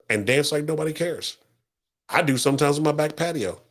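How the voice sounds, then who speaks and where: Earnest, lively-pitched man on a podcast. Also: fairly quick. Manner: earnest, motivational, storytelling. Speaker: podcast co-host. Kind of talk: casual heartfelt podcast talk.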